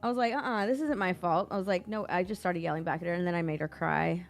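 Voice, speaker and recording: A woman's voice: lowish voice, fast, gravelly, soft background music. A woman chatting casually on a stream, telling a story animatedly and acting out what people said. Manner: animated storyteller, acts out quotes. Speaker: stream co-host. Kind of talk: casual chat while painting.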